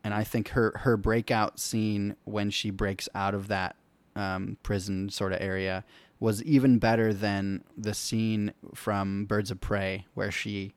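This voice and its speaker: Man, lower voice, excitable, laughing often, dry sound. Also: unhurried, smooth, dry recording. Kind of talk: casual movie discussion.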